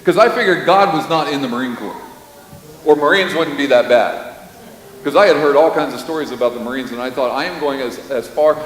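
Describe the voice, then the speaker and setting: Man, pastor, animated storytelling sermon, faint hiss, roomy reverb. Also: mid-range voice. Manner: storytelling, animated, with sudden loud bursts. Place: church sanctuary.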